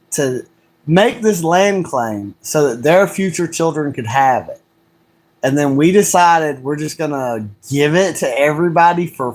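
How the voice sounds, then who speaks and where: Male livestream host, higher-pitched, heated ranting delivery built on repeated rhetorical questions. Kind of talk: solo livestream monologue.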